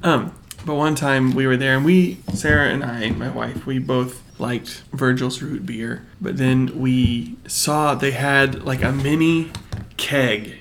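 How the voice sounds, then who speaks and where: A man's voice: mid-range voice, steady tone, slow pace, fairly bright tone, a little hiss or hum. A man co-hosting a podcast in casual chat, joking and playfully indignant. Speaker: podcast co-host.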